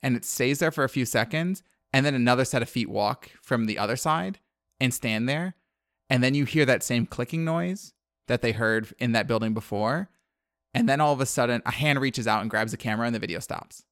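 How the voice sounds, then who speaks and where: Recapping a film in casual podcast chat, a male co-host retells the story with lively delivery, quickly slipping into the characters' voices. His medium-pitched voice is recorded dry and close, with no room sound.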